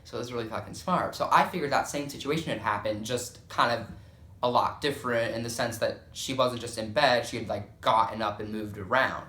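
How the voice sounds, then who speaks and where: A man's voice: mid-range voice, fairly quick, bright, forceful tone, echoey room. A young man telling a dramatic storytime, swearing often and filling gaps with "like.". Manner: profane, dramatic, filler-heavy storytelling. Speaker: storytime vlogger. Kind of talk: casual storytime.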